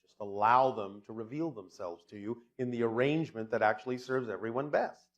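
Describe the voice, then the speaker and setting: A man's voice: mid-range voice, fairly quick, muffled recording. A man speaking as a channeler, answering audience questions bluntly and often turning them back with his own probing questions. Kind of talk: live question-and-answer session.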